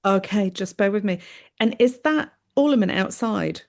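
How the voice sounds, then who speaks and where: A woman medium on a video call, giving a live reading in a gentle, affectionate way. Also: medium pitch, expressive, moderate pace, vocal fry. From United Kingdom. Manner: gentle, affectionate, often says "my darling" and "that's what I'm aware of".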